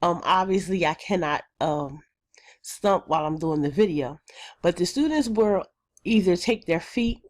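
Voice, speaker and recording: A woman's voice: animated, measured pace. A woman teacher explaining a classroom phonics routine step by step, with plain, methodical talk and frequent ums. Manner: jumps higher and brighter when acting out chants.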